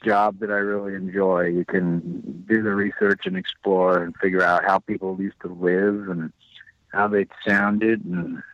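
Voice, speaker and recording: A man's voice: low-pitched, flat delivery, measured pace, a bit bright, dry recording. A middle-aged man, the actor guest in an interview, talking in a thoughtful, rambling way with restarts. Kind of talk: interview conversation. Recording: slightly muffled dry sound.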